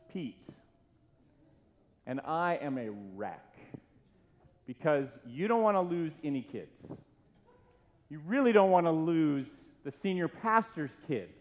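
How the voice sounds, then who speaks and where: A middle-aged man with a fairly high voice tells a tribute story slowly, mocking himself as he goes. His voice rings through a church hall. The recording is dull and lo-fi, with a faint hiss underneath. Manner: self-deprecating, animated storyteller. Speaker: former youth pastor giving a tribute. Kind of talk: humorous anecdotal tribute speech. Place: church hall at a retirement party.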